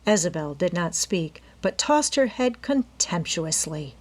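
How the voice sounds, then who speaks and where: A woman's voice: lowish voice, big pitch swings, measured pace. Woman narrating a storybook. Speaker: audiobook narrator. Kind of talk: scripted narration.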